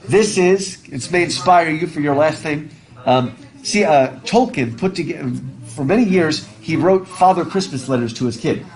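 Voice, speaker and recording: A man teaching a literature class in a loose, rambling way, chatting with students and laughing easily. His voice sits a little higher than most men's. He talks in a classroom, wearing a mask while he records. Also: expressive, normal speed, darkish tone, poor audio. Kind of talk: casual classroom talk. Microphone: masked, recording his own class.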